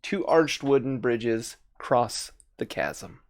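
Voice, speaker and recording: A man narrating scenes and calling for rolls as the game master of a tabletop game, describing places at an unhurried pace. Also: medium pitch, expressive, no room sound, clean studio sound.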